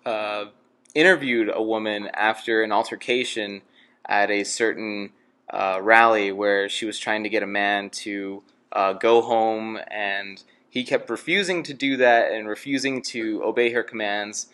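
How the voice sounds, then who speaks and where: A man's voice: on the low side, fairly even intonation, measured pace, sharp tone. A young man interviewing for a student club, asking long questions in a hesitant way with many fillers. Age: young adult.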